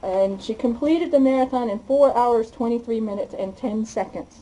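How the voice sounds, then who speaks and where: Halting woman introducing a guest speaker. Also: on the high side, mellow, slight background noise, rough recording. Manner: halting, with frequent fillers. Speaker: event host introducing a guest. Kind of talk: formal introduction.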